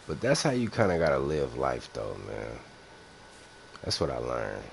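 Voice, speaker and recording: A man's voice: very deep voice, sing-song, normal speed, creaky, slight background noise. A man in his thirties giving profane, teasing live commentary while playing a game for his stream chat. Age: 30s. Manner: profane, teasing, trash-talking. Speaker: gaming streamer. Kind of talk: casual gameplay commentary to chat.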